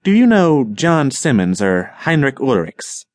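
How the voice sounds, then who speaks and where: A man's voice: mid-range voice, very animated, unhurried, a little mellow, no echo, voice pushed up. A man voicing a grandiloquent, professorial older colony leader who talks in a rhetorical, dramatic way.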